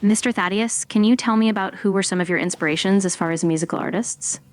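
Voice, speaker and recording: A woman's voice: mid-range voice, fast. A woman interviewer asking brief, direct questions.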